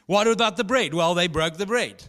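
High-voiced preacher in a reverberant hall. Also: male voice, moderate pace, fairly bright tone. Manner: conversational, humorous storytelling with laughs. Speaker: pastor. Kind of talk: sermon.

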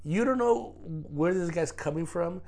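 Podcast host, man of Mexican heritage, profane and animated, gravelly with a lively swinging pitch. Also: measured pace. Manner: profane, animated, advice-giving. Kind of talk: casual podcast chat.

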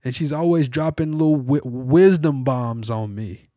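A man's voice: medium pitch, unhurried, mellow, dry recording. Man, podcast host, emphatic sermon-like advice, repeats himself, dry close sound. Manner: emphatic, repetitive, addresses listeners directly. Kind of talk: preachy advice monologue.

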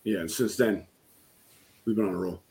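A man's voice: fairly low pitch, normal speed, darkish tone. A middle-aged man in a conversation, telling an emotional personal story in a candid way and often checking in with "right?". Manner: candid, keeps saying "right?". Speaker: guest, business coach.

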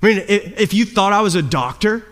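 A man preaching a sermon as pastor, his delivery swinging between loud, high emphasis and low, quiet drops. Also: animated, fairly quick.

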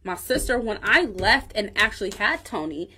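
A woman's voice: medium pitch, expressive, normal speed, bright, forceful tone, breathy edge. A woman in her thirties co-hosting a live stream, talking in a blunt, profane and emphatic way. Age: 30s. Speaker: livestream co-host. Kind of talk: casual chat.

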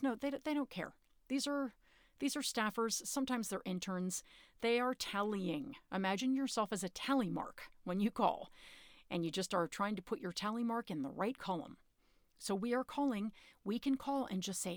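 A woman hosting a podcast, talking casually and earnestly to her listeners, informal and urgent, sometimes cursing, her pitch jumping up when she presses a point. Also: animated, moderate pace, no room sound, studio quality. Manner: informal, occasionally curses. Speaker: podcast host. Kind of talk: casual advocacy talk.

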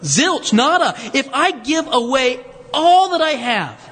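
Animated high-voiced male preacher. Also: slow, long reverb tail. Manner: conversational, animated, joking asides to the congregation. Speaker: pastor. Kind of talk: sermon.

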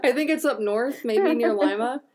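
A woman co-hosting a podcast, chatting casually and telling a true crime story, joking and swearing, often clearing her throat. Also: on the high side, normal speed, a little mellow. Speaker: podcast co-host.

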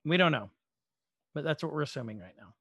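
A man's voice: a little high, lively intonation, fast talker, sharp tone, dry recording. A man in casual podcast chat, retelling a show's scenes with quoted dialogue and some swearing. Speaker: podcast co-host. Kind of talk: casual chat recapping a show episode.

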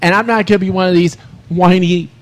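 A man with a slightly higher voice chats about sports on a podcast. He wanders through long anecdotes, padding them with "you know" and "I mean". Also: fairly even intonation, fast talker. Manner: rambling storyteller, full of "you know" and "I mean". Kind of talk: casual sports chat.

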